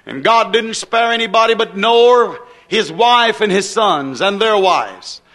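A man's voice: high voice, lively intonation, a little slow, bright, forceful tone. A man preaching a sermon with an emphatic, repetitive cadence.

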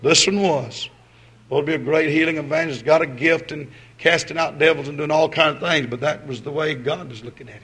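A man preaching a sermon, folksy and swinging between loud exhortation and quiet asides. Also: fairly high pitch, a little fast, husky.

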